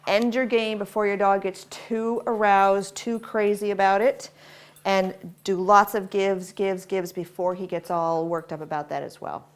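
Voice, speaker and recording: A woman's voice: mid-range voice, fairly even intonation, measured pace, clean tone. A woman dog trainer demonstrating tug play, explaining patiently between short commands to a dog.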